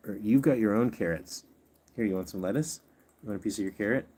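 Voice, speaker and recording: A man with a fairly low voice hosts a casual livestream. He coaxes his pets along and chats easily with the viewers. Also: fast, mellow, husky. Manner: coaxing, chatty, talks to his pets and reads viewer comments. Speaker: pet channel host.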